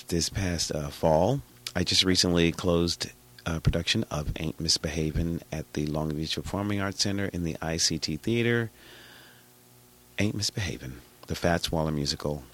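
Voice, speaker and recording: A man hosting a radio show in a chatty, rambling way, with a husky, raspy voice that is hoarse from a cold. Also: rumbling low. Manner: chatty, rambling, sudden bursts of loudness. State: hoarse, getting over a cold. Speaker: radio host and DJ. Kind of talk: casual radio chat.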